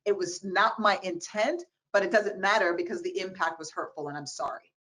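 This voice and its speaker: A woman in her forties, a diversity expert, telling personal stories in a webinar interview on a video call, animated and expressive. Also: on the low side, brisk, low-quality recording. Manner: animated, expressive storytelling with quoted voices. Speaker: diversity expert, guest speaker.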